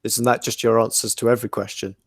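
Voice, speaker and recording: A man's voice: medium pitch, little pitch movement, fast talker, husky, no echo. A male podcast host banters on a live stream in a dry, close recording. He teases his co-hosts and ribs the viewers with a jokey edge. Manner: teasing, jokey.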